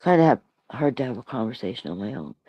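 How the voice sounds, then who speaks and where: A woman's voice: extremely low pitch, animated, fast, warm tone, husky, dry recording, muffled recording. A woman in her sixties from Toronto, rambling in a casual solo livestream chat, reading comments aloud and laughing often. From Toronto, Canada. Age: 60s. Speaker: livestream host. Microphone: streaming mic.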